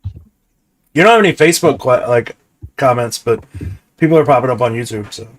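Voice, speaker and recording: A man's voice: medium pitch, animated, a little fast, a little hiss or hum. A man hosting a podcast, chiming in with brief, joking remarks. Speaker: podcast host. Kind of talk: casual podcast chat.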